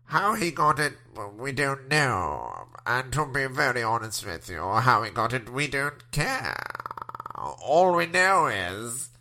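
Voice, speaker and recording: A man voicing a pompous male academic doctor who speaks in a measured, stiffly formal way. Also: medium pitch, sing-song, bright, forceful tone, full character voice.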